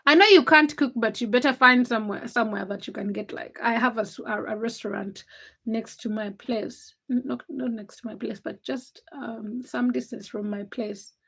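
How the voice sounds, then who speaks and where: Young woman, livestream host, tired, teasing, chatty, slightly high voice. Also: fairly even intonation, moderate pace, gravelly, fairly bright tone, slightly rough. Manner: chatty, teasing, answers viewers by name. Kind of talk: late-night livestream chat reading comments.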